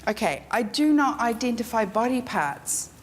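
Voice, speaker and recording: A woman teaching a live photography workshop, frank and animated, acting out her clients. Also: fairly high pitch, moderate pace. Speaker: photography instructor. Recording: echoey room with faint noise.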